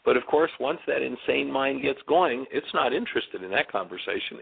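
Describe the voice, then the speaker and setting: A man hosting a radio talk show, chatting casually and haltingly with many fillers. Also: mid-range voice, creaky, breathy edge. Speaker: radio host. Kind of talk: casual on-air chat. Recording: phone-line radio audio.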